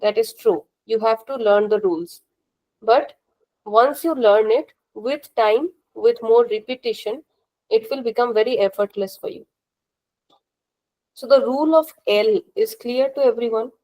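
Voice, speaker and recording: A woman teaches an online class in a slightly raised voice. She is patient and methodical, going over each rule again and asking students whether it is clear. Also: fairly high pitch, unhurried, a little mellow, rough recording. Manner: patient, repeats rules and checks understanding. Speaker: language teacher. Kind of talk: live online class instruction.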